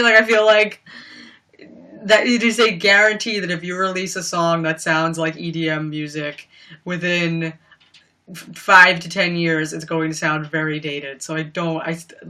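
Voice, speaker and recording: A young woman talks casually into her computer mic during a livestream at home. Her voice sits low for a woman, with a bright, forceful edge, and she rambles with plenty of "like" and "you know.". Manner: chatty and rambling, many fillers and frequent laughs.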